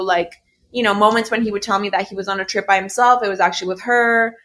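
A woman's voice: mid-range voice, fairly even intonation, fairly quick, a bit bright, a little hiss or hum. A young adult woman in casual chat, recounting a personal story candidly and heatedly, swearing often and leaning on filler words. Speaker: podcast co-host telling a personal story.

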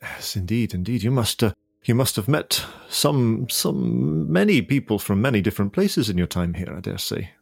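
A man playing a courteous, gravelly gentleman traveller. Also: medium pitch, very animated, normal speed, no room sound, exaggerated voice. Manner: courteous, hesitant, formal phrasing. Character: polite, genteel male gentleman traveller.

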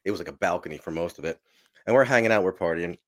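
A man's voice: deep voice, very fast, no echo, studio quality. A man from New Jersey, a podcast guest, telling a long profane story in a rambling, self-interrupting way. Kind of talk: casual storytelling.

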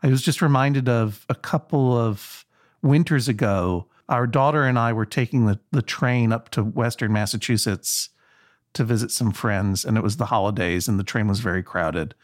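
A man's voice: fairly low pitch, moderate pace. A middle-aged man guesting on a talk show, telling dry, wry anecdotes and acting out the people in them. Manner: dry, wry storyteller who acts out quoted voices. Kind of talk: casual storytelling chat.

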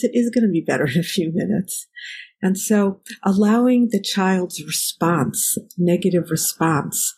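A woman's voice: lowish voice, a little mellow, slightly rough, rough recording. A woman guest, a researcher, answering interview questions in a thoughtful, explanatory way with examples.

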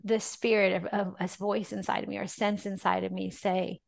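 A woman's voice: medium pitch, level tone, gravelly. A middle-aged woman, a podcast guest, telling her faith story in an earnest, emotional way. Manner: earnest and emotional, often slowing down and softening. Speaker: podcast guest, ministry founder. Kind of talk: personal testimony in a podcast interview.

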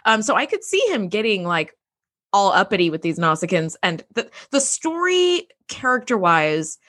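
A woman co-hosting a podcast chats casually while recapping a TV episode, her mid-range voice sing-song and a bit bright at normal speed. She laughs often and acts out the characters' lines.

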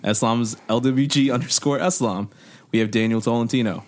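A man's voice: mid-range voice, a little fast. A young man co-hosting a podcast, joking and teasing in casual chat and retelling a comedy bit with impressions. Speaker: podcast co-host.

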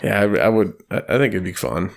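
A laid-back man chatting casually as a podcast co-host. His voice sits very deep with a gravelly fry, and he answers in short, easy replies. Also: expressive, quick pace. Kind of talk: casual chat.

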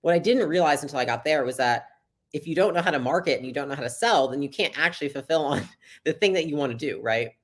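A woman's voice: deep voice, animated. A young adult woman, a podcast guest, telling her story in a casual, chatty interview and acting out the dialogue. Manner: fast, chatty, acts out quoted dialogue.

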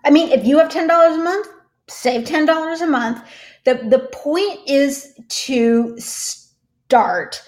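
Higher-pitched woman telling a heartfelt story. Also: animated, takes it slowly, darkish tone. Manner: earnest, emotional personal storytelling. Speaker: podcast guest. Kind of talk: candid conversational interview.

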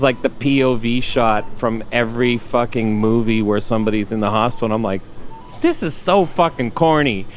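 A man casually telling a personal story in a candid, profane, wry way, acting out the people in it. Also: slight background noise. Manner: acts out quoted dialogue with raised pitch. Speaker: storyteller recounting a personal accident.

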